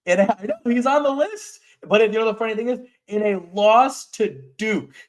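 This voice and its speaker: A man co-hosting a sports show, running through stats one after another in a quick list. His voice sits a little high. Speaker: co-host. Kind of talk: casual sports chat.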